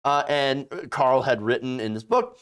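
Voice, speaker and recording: A man's voice: medium pitch, sing-song, measured pace, clear, resonant tone. A man hosting casual political commentary, sarcastic and mocking, slipping into exaggerated voices to ridicule people.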